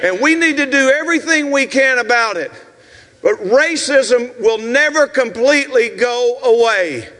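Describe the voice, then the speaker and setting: High-voiced Southern pastor in his sixties. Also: in a large hall. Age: 60s. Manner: preaching with shouted, rhythmic repetitions and asides to the congregation. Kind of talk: sermon. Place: church sanctuary.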